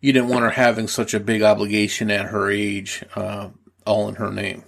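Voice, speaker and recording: A man hosting a podcast interview, asking careful, gentle questions. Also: on the low side, flat delivery, moderate pace, gravelly.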